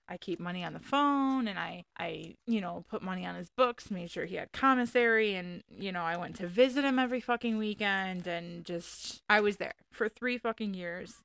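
A woman in her thirties speaks straight to her viewers, chatty and candid, swearing freely as she tells her story. Her voice is smooth and clear at a mid pitch. The sound is close and dry, with no room around it. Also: fairly bright tone, dry recording. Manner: candid, profane and chatty, often laughing. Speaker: vlogger.

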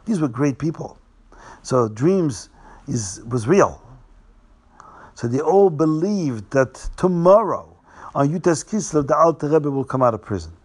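Man telling a tale, slightly high voice. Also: big pitch swings, a little mellow. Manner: restates and repeats names, dramatic slowdowns. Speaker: storyteller.

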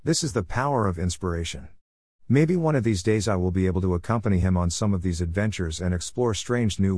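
Very deep-voiced man reading a preachy letter. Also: a little mellow, no room sound, clean studio sound. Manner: blunt, preachy and irreverent. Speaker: podcast host.

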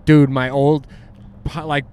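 A man's voice: a little high, little pitch movement, takes it slowly, a little mellow. Brief: easygoing young guy, casual car-ride banter, swears freely, faint road noise. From Southern California. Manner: laid-back, swearing, laughing, trailing off. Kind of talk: casual chat with a friend. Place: inside a moving car.

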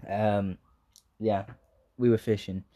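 A man's voice: on the low side, flat delivery, takes it slowly, warm tone. A young man with a southern English accent talking casually in a rambling monologue, swearing freely, laughing often and drifting into tangents. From southern England.

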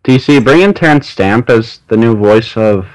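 A man co-hosting a casual podcast chat, asking quick questions and dropping dry quips. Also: medium pitch, no echo, poor audio. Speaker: podcast co-host.

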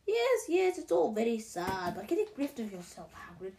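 A woman voicing a stern older woman professor in a storybook reading, with a sharp, raised voice. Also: a little high, very animated, normal speed, slight background noise. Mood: anxious scolding.

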